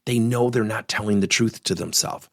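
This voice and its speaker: A middle-aged man, a workplace coach, teaching through an animated story and acting out the voices of the people in it. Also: on the low side, normal speed, dry recording, clean studio sound. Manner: animated, acts out the voices in his stories.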